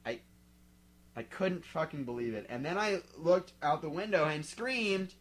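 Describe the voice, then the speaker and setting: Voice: medium pitch, expressive, unhurried. A reader giving a mocking dramatic read-aloud while drinking malt liquor, with sarcastic asides along the way.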